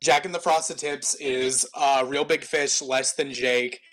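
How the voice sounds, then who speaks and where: A man's voice: mid-range voice, steady tone, a little slow, a bit bright. A man co-hosting a podcast in casual chat, riffing with sarcastic jokes. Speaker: podcast co-host.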